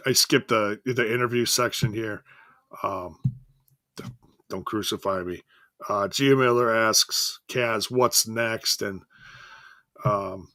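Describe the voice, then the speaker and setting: A man's voice: lowish voice, pushed and bright, dry recording, studio quality. A man hosting a casual solo wrestling review, rambling and correcting himself as he goes, chuckling now and then.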